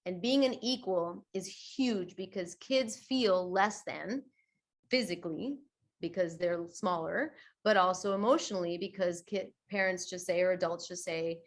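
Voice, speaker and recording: Expressive chatty woman teaching yoga. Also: normal speed. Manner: expressive, acts out quoted voices with big pitch swings; chatty, many fillers like "you know" and "right". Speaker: guest yoga teacher and teacher trainer. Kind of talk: podcast interview.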